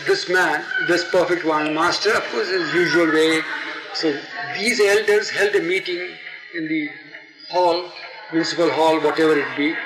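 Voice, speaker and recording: On old archival tape with a roomy echo and music clearly audible behind him, a man from India shares an oral history as an interviewee. His somewhat high voice is animated as he drifts into asides and acts out each figure's quotes.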